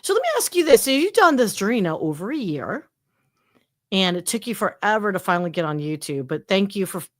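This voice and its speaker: A woman's voice: mid-range voice, brisk. Chatty woman around forty. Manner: chatty, animated, lots of fillers and laughs. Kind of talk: casual chat on a livestream.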